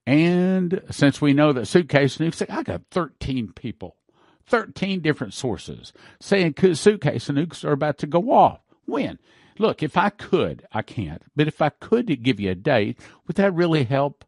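A man preaching with fervent emphasis, his pitch leaping and dropping as he drives each point home. He repeats key words for force, and the sound is close and dry with no room around him. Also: very animated, unhurried, darkish tone, no room sound. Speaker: host of a prophecy broadcast. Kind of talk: preaching talk with ad reads.

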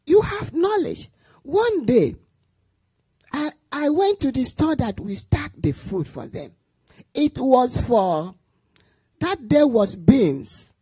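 A woman's voice: sits high, warm tone, breathy edge, dry recording. A woman teaching Sunday school, telling an emotional personal testimony with repetition and acted-out quotes.

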